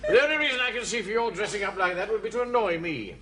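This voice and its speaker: An actor playing a pompous, bossy middle-aged captain who gives orders. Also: male voice, high voice, animated, fast talker. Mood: commanding. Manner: pompous, commanding. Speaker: platoon captain. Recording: noisy old television audio.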